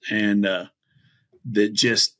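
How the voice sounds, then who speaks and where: Midwestern man, low forceful voice, rambling hunting tale; podcast guest, lots of ums and restarts, animated. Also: extremely slow. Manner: rambling, many fillers and restarts; animated, acts out quoted voices. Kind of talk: casual storytelling.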